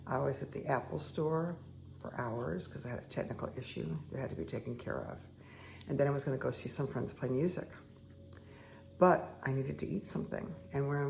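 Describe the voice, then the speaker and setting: A woman hosting a meditation and tarot session, talking casually with a croaky, dry-throated voice and rambling, friendly asides to her viewers at home. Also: rumbling low, darkish tone, a little hiss or hum. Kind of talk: casual chatty talk to viewers.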